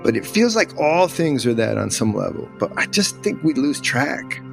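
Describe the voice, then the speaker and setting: A man's voice: medium pitch, big pitch swings, normal speed, vocal fry, over music. A middle-aged man, a podcast guest, telling a story with emphatic repetition and rising emotion. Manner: emphatic, repeats words for emphasis, emotional at times. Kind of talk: animated storytelling in conversation.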